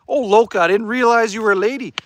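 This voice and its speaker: A man's voice: sits high, no echo. A Canadian man hosting a casual livestream outdoors by a fire, chatting and reading viewer comments in a rambling way and swearing now and then. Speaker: livestream host.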